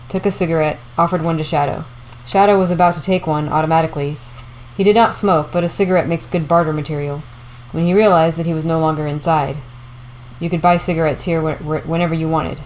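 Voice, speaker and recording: A woman reading a novel aloud as audiobook narration, steady and measured. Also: low voice, a little hiss or hum, poor audio. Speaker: audiobook reader.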